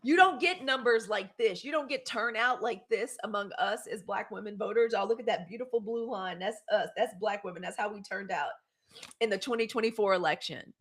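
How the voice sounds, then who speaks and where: A female livestream host speaks in a mid-range voice, a little on the fast side. Her casual, animated stream blends talking commentary with reading live comments out loud.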